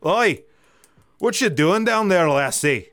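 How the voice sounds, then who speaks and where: A man putting on a gruff mock-Scottish brawler. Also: sits high, lively intonation, slow pace, fairly bright tone, no echo, pitched above the performer's own voice, heavily acted. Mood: taunting. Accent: put-on Scottish. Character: brash kilted male brawler.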